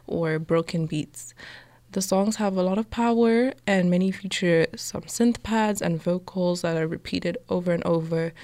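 A woman's voice: fairly low pitch, a little mellow, no echo. A woman hosting a music radio show, talking in a friendly, chatty way as she explains a music genre to her listeners. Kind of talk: casual radio presenting.

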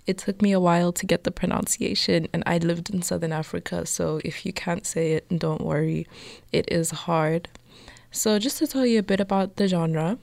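A woman's voice: fairly low pitch, darkish tone, dry recording. Chatty woman hosting a music show. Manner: friendly, chatty and explanatory. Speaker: music radio show host. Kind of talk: casual radio presenting.

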